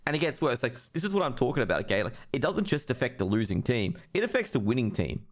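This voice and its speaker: A man's voice: mid-range voice, big pitch swings, fast. A young man hosting a live stream, ranting with heavy profanity about esports news. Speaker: streamer host.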